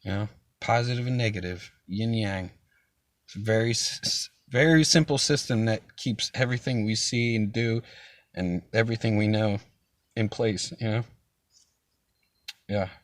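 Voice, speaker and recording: A man's voice: on the low side, fairly even intonation, normal speed, long pauses, no echo. A young man hosting a casual chat stream, rambling loosely with frequent swearing and laughter. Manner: rambling, profane, laughs often. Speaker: stream host.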